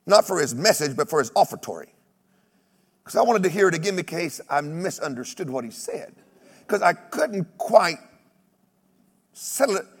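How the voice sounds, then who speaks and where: Animated preacher man in echoing church. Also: high-pitched. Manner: animated storytelling with shouted exclamations; humorous, mimics other preachers. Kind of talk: sermon.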